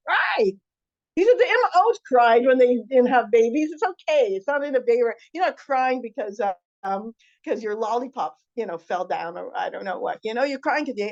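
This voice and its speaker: Middle-aged woman, informal class teacher; rambling, animated, on a dull lo-fi recording. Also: sits high. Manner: chatty, animated, rambling with many restarts. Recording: muffled lo-fi recording.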